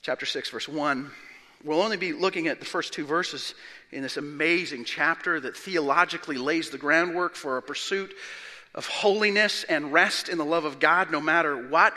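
A high, very bright male voice preaching in a church sanctuary with a long reverb tail. He moves from emphatic, rising proclamations to quiet, low-pitched asides. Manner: emphatic, swings from loud declarations to hushed low asides. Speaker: pastor. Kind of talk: expository sermon.

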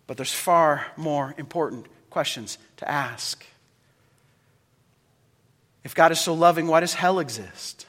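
A man preaching a sermon as pastor, swinging between loud calls and hushed, low lines. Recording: reverberant hall.

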